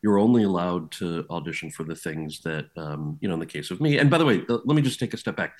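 Low-voiced man telling candid stories. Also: fast. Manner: candid, lively, earnest anecdotes. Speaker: actor and author, interview guest. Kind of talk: storytelling interview.

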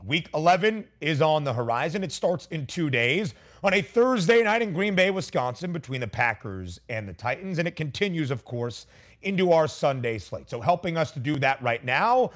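A man hosting a sports betting talk show, leading a lively, playful segment with his guests. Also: on the high side.

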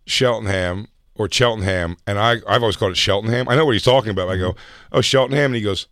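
A man's voice: fairly low pitch, fast, a bit bright, no echo, studio quality. A man from the Philadelphia area co-hosting a casual comedy podcast, telling stories in a blunt, self-mocking way. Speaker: co-host.

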